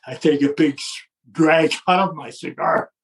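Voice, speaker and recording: A man's voice: fairly high pitch, normal speed, recorded from a distance. An older man telling a long anecdote in casual chat, acting out the quotes with chuckles along the way. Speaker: guest telling a wrestling story. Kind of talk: casual storytelling.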